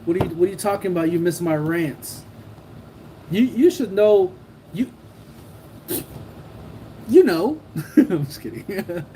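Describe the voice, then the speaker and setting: A man's voice: a little high, mellow, slight background noise, poor audio. A man hosting a casual livestream who rambles, jokes and laughs often while reading comments. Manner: rambling, joking, laughs often, mimics people. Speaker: livestream host.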